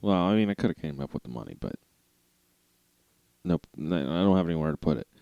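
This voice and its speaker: Laid-back low-voiced man chatting. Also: fairly quick, vocal fry, clear, resonant tone, no echo, muffled recording. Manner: laid-back, rambling storyteller who laughs often. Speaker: podcast co-host. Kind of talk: casual chat.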